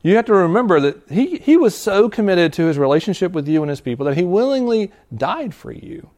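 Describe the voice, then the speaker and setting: A man's voice: sits high, very animated, darkish tone. A male pastor giving an earnest, conversational sermon to students, reading scripture and explaining it. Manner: earnest, conversational preaching with restarts and quick laughs.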